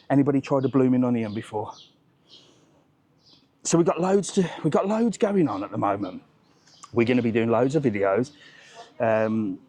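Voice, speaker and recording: A man's voice: medium pitch, a little mellow. A man hosting a live walking travel vlog, chatting upbeat and greeting passers-by on an outdoor street. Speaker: travel vlogger host.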